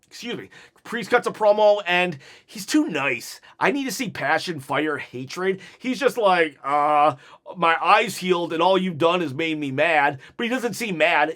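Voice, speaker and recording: Chatty high-voiced man reviewing wrestling. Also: fairly bright tone. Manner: chatty and opinionated, frequent restarts and quick asides. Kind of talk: casual opinion commentary.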